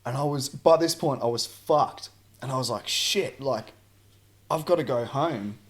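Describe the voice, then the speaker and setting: A young man with an Australian accent hosting a casual podcast, telling stories in a relaxed way, full of "like" and swearing. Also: medium pitch, a little slow. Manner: relaxed, laid-back storytelling with frequent "like" and swearing. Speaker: podcast host. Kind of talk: casual chat.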